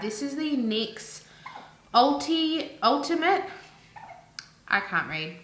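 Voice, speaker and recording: A woman in her thirties chatting casually through a makeup routine at home, going off on animated rants. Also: medium pitch. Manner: chatty, ranting, animated asides. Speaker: beauty vlogger. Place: room at home. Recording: echoey room, faint ambience.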